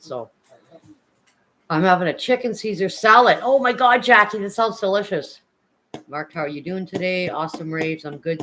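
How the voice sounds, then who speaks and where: A woman's voice: lowish voice, low-quality recording. A woman livestreamer chatting casually with viewers, frank and emotional, swearing freely and greeting chatters by name. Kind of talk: casual live-stream chat with viewers.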